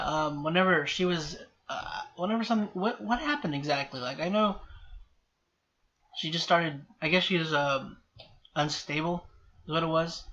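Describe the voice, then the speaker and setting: A man rambles through a solo reaction to a TV episode, restarting, correcting himself and apologizing often. His slightly high voice is bright and forceful, and the lo-fi recording sounds a bit dull with faint background hiss.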